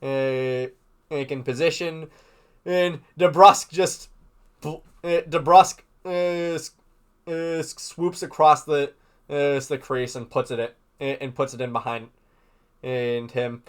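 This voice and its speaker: A man's voice: a little high, fairly even intonation, slow, clean tone. A man hosting a podcast, recapping a hockey game in a casual, rambling way full of fillers and restarts. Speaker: podcast host.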